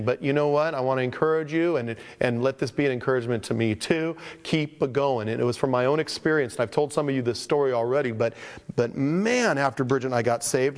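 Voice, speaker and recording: A man's voice: mid-range voice, long reverb tail. A man preaching as a pastor, telling stories conversationally and acting out the voices of the people in them. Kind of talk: sermon.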